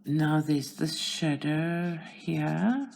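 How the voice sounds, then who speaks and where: A woman's voice: deep voice, extremely slow, gravelly, a little mellow, a little hiss or hum. A South African woman chatting casually as she colors, narrating her steps in a chatty, self-deprecating way. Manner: chatty, self-deprecating, talks to herself while working. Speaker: channel host. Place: at home.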